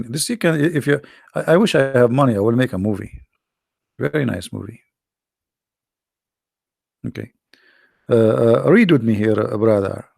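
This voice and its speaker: A man's voice: medium pitch, creaky, darkish tone. A man hosting a livestream, talking casually and mockingly to his live chat and asking it rhetorical questions. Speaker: host of a livestream.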